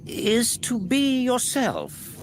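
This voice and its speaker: Brief: a sly cartoon shapeshifter, slow and wildly swooping, with faint hiss. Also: medium pitch, wildly swooping pitch, heavily acted. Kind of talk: cartoon acting.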